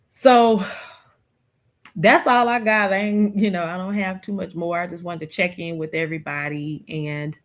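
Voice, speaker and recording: A woman hosting a livestream, talking slowly and reflectively in a casual chat with plenty of fillers. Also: fairly low pitch. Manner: slow, reflective, conversational with many fillers. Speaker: streamer host.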